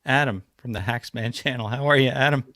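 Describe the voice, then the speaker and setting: A man's voice: medium pitch, a little fast, pushed and bright, no room sound, studio quality. A man from New Jersey hosting a casual livestream, chatting loosely with lots of fillers. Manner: rambling, friendly, lots of fillers. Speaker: livestream host.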